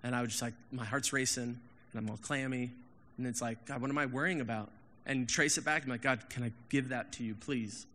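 A man in his thirties preaching a casual sermon as a pastor, candid and animated, going from loud emphasis to hushed asides. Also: mid-range voice, big-room sound.

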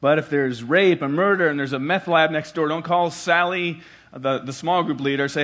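A pastor with a fairly high male voice preaches to his church in a talky, conversational way. He drives his points home by repeating short lines. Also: normal speed, a bit bright, slight background noise. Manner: conversational preaching with emphatic repetition. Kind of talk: sermon.

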